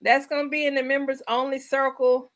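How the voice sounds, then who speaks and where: A woman's voice: high-pitched, level tone, fairly quick. A woman hosting a casual live stream, playful and chatty, greeting her viewers by name.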